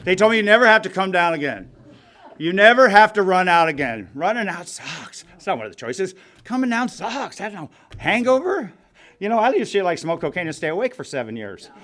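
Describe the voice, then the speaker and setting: A man's voice: high voice, very animated, a little fast, fairly bright tone. Blunt wry middle-aged man telling his story. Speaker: recovery meeting speaker. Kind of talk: personal recovery story told to a group. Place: meeting room.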